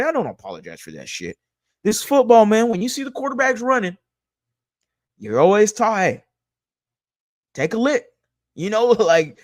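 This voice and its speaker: A man from Houston hosting a sports reaction podcast, energetic, swearing freely and dropping from loud hype into low asides. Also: dry recording. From Houston, Texas. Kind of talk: casual sports reaction talk.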